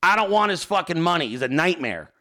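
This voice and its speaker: Male streamer host, bright animated delivery, profane rants, casual reading of viewer mail. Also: on the high side, brisk. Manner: profane, ranting; reads viewer emails and chat aloud. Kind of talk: casual livestream chat.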